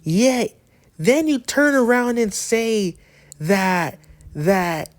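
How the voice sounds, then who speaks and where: A man's voice: sits high, animated, very slow, no echo. A man ranting as a YouTuber in a heated, profane way, often restarting his sentences. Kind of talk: ranting commentary.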